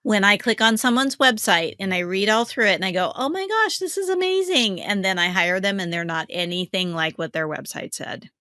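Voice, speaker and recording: Mulher, conversa de webinar animada, imita falas com voz mais aguda, som seco e próximo. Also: female voice, brisk, few pauses, clean tone, dry recording, studio quality. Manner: animated storytelling, acts out quotes in a higher voice. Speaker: webinar co-host, business coach and podcaster. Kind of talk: casual webinar chat.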